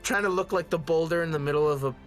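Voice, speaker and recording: A man's voice: a little high, fast, loud music behind the voice. A man playing in an online tabletop game, talking in a playful, loose, joking way. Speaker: player. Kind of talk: casual chat during a tabletop game.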